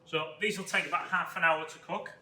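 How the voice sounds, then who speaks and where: A man's voice: on the high side, a little fast, roomy sound. Man chef guiding a cooking demo. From Wales. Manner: relaxed step-by-step instruction. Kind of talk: cooking demonstration.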